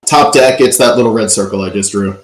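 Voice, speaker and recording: A man's voice: on the low side, fairly quick. A man running a tabletop game as game master, narrating the story and recapping with dramatic emphasis and the odd um. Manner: dramatic recaps with filler ums. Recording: roomy echo.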